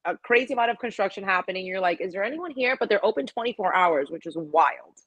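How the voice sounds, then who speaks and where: Woman comic guest, Miami accent, mid pitch, playful quick quips, dry close mic. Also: lively intonation, fairly bright tone, no room sound, lo-fi sound. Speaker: comedian guest. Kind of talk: casual chat.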